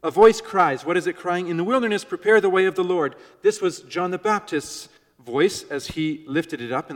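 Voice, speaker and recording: Middle-aged male pastor, slightly high voice, earnest sermon delivery with soft hushed emphases, echoing sanctuary. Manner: earnest, varies volume, drops to soft near-whisper on key words. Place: church sanctuary.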